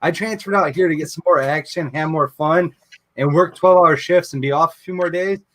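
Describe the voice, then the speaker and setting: A man's voice: a little high, a little fast, fairly bright tone. Profane man telling a story. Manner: profane storyteller, quotes his wife. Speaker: show host. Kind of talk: casual chat.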